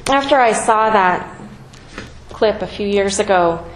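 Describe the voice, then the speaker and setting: A woman's voice: medium pitch, a little slow. A woman giving a talk in a casual, joking manner. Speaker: speaker. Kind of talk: presentation talk. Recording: echoey room recording with faint noise.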